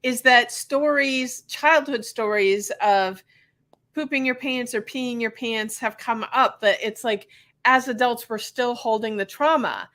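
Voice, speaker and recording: A woman's voice: fairly high pitch, unhurried, a bit bright. A woman hosting a podcast, talking about her work as a physical therapist and sharing a childhood story in a casual, earnest way.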